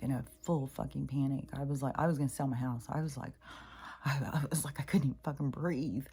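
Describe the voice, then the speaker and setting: A low, warm-voiced middle-aged woman tells a personal spiritual story in a loose, rambling way. She swears casually and often jumps high in pitch to act out what others said. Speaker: spiritual vlogger.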